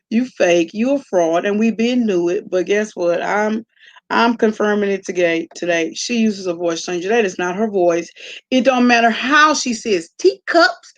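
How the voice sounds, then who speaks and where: Sassy woman talking to her live chat. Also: on the high side. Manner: sassy, blunt, talks straight to chat. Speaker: live-stream host. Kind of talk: casual live-stream commentary.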